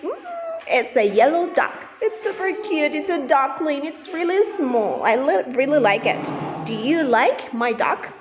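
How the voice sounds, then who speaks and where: A woman teaches young children English in a playful, sing-song way. Her voice is high and she speaks slowly, stretching her words. The room is echoey, with steady background noise. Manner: slow, exaggerated, sing-song teacher delivery. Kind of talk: kids' lesson with songs.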